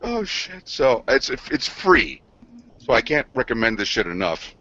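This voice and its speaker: A man's voice: medium pitch, expressive, a little slow, bright, forceful tone. A man on a gaming news show, telling a rambling, profane story between laughs. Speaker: podcast co-host. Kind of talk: casual chat. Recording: dull lo-fi sound.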